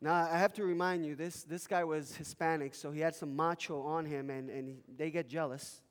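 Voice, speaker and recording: A man whose first language is Spanish preaches a storytelling sermon in a fairly high voice. He is emphatic and animated. His words hang in a chapel's long reverb. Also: moderate pace. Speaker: pastor.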